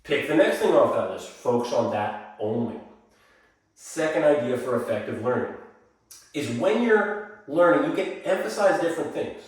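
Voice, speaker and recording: A man's voice: medium pitch, animated, normal speed. A male dance instructor teaching a lesson, calling out counts in a singsong rhythm and explaining the drills. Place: dance studio. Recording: echoey studio, voice from far off.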